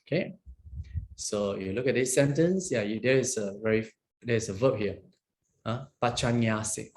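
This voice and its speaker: Man, monastic teacher, Pali grammar lesson, patient explaining, frequent "huh?", slow careful chanting. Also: on the low side. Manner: explains patiently, often asks "huh?" and "okay?".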